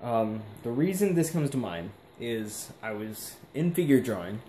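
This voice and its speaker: A man's voice: medium pitch, big pitch swings, unhurried, dark tone. Rambling young man in an echoey room. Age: young adult. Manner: rambling, filler-heavy, reflective. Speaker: vlogger. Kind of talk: casual vlog monologue. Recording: echoey room with faint background hiss.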